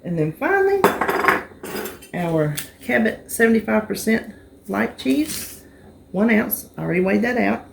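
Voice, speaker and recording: A woman from hosts a casual cooking demonstration. She talks in a chatty, homey way, guiding the viewer through each step at a middling pitch. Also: big pitch swings, unhurried, vocal fry, pauses often, background noise. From North Carolina, US. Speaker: cooking vlogger.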